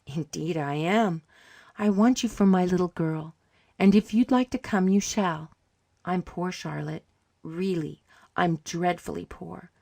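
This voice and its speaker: A woman reading an audiobook, voicing a gentle, loving young woman who speaks softly. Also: on the low side, measured pace, gravelly, dry recording. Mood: tender.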